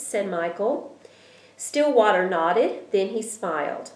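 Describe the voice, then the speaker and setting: A woman reading a children's storybook aloud, with an expressive delivery. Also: mid-range voice, unhurried. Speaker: reader. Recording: roomy echo.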